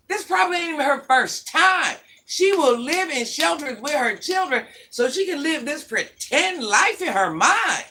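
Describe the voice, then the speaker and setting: A woman's voice: sits high, lively intonation, measured pace, few pauses, pushed and bright. Blunt middle-aged woman ranting on stream. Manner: blunt, preachy, repeats her points. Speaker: livestream host. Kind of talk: ranting commentary to viewers.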